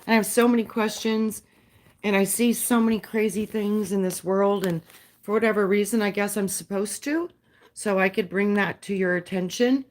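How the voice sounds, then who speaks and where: A woman hosting a live stream, reading a poem and talking in a soft, dreamy, emotional way, her voice shaking at times. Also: medium pitch, steady tone, normal speed.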